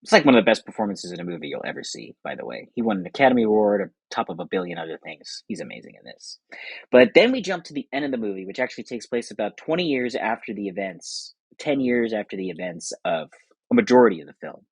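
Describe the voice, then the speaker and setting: Young man, casual film commentary, enthusiastic, husky voice, dry room. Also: on the low side, big pitch swings, no echo, poor audio. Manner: enthusiastic, quick, laughs often. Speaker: podcast host.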